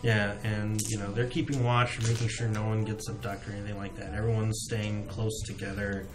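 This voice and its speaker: A man's voice: fairly low pitch, flat delivery, brisk, music in the background. A man narrating as game master in a tabletop game, talking in a casual, joking way with lots of fillers.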